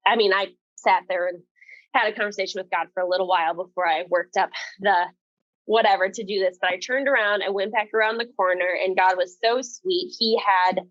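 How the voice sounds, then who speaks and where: A woman in her twenties, a podcast guest, telling a personal story in an earnest, animated way and laughing often. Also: mid-range voice, no room sound, highs cut off. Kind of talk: casual conversational interview.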